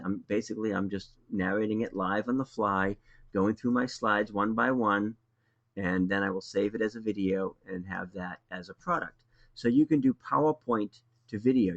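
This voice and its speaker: A man with a Boston accent walks through a live webinar tutorial, speaking into a computer mic. His voice sits a little low, and his delivery is relaxed and conversational, with a scattering of ums. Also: muffled recording. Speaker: webinar presenter.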